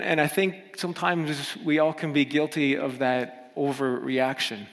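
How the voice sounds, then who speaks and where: A man's voice: fairly high pitch, fairly even intonation, unhurried, gravelly, hardly any pauses, fairly bright tone. A pastor preaching a casual, playful sermon in a church, often repeating himself as he talks. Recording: long church hall reverb.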